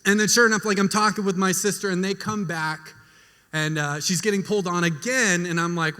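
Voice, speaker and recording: A young man telling a lively story to a young adult group, acting out family members' voices along the way. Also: sits high, a little fast, clear, resonant tone. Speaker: youth speaker. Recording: long hall reverb.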